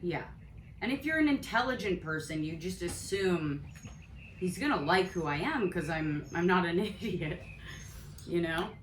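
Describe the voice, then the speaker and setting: Blunt woman with a lowish voice, echoey. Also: expressive, moderate pace, a little hiss or hum. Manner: blunt, straightforward, laughs often. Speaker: podcast co-host, comedian. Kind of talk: casual comedic chat.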